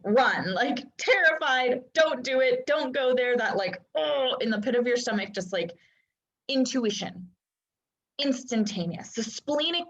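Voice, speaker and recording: A young adult woman coaching in casual talk, full of "like" and "right?", acting out inner voices with whispers and gasps. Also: a little high. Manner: chatty, lots of "like" and "right?" fillers. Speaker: human design coach. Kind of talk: casual teaching monologue. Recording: dull lo-fi sound.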